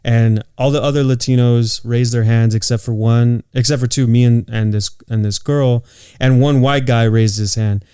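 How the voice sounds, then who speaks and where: A man's voice: medium pitch, fairly even intonation, normal speed, warm tone, smooth, no room sound, clean studio sound. A man from California, co-hosting a podcast and telling work stories in a loose, profane way with lots of "like" fillers. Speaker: podcast co-host. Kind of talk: casual chat.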